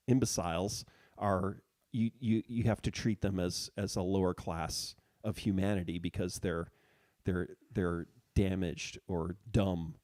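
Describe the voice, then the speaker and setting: A man's voice: sits low, a little slow, mellow, dry recording, clean studio sound. A man co-hosting a casual political chat, rambling and hesitant as he searches for words. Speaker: podcast co-host.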